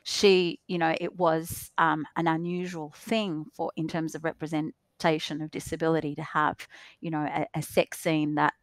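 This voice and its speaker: Low-voiced woman on a podcast, lots of um and you know, dry close sound. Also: little pitch movement, normal speed, dry recording. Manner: hesitant, with many fillers and restarts. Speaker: podcast guest. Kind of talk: casual discussion.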